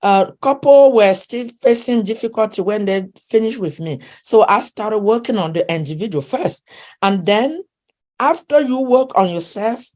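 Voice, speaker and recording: A woman's voice: mid-range voice, expressive, moderate pace, darkish tone. A middle-aged woman with a non-native English accent, a relationship coach talking in an interview, earnest and emphatic, repeating herself and searching for words. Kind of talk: interview conversation.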